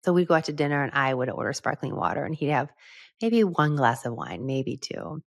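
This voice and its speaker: Low-voiced woman sharing a personal story. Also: very animated, fairly quick, gravelly, dry recording, clean studio sound. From United States. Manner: candid, reflective, laughs often. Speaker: podcast host.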